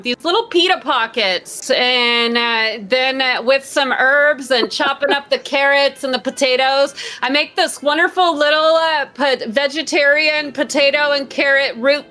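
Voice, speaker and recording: Woman, tabletop player, high bright voice, slow, giggly. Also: faint music behind. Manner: giggly, meandering. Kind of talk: tabletop role-play chat.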